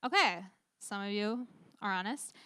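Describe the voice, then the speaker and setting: A woman's voice: mid-range voice, lively intonation, a little slow, bright, forceful tone, clean tone, no room sound, clean studio sound. A young woman leading a youth group Bible talk, upbeat, often putting questions to the teens. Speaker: youth leader.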